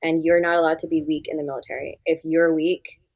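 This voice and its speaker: A woman's voice: sits low, little pitch movement, brisk, dull audio. A woman therapist talking as a podcast guest, giving direct, earnest advice and often saying "like". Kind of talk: podcast interview conversation.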